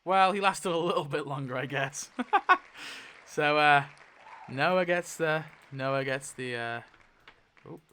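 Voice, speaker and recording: A man's voice: a little high, takes it slowly, bright, forceful tone, slight background noise. A man hosting a casual video, thinking aloud as he goes, swearing freely and laughing often. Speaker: YouTube host. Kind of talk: casual commentary while spinning a wheel.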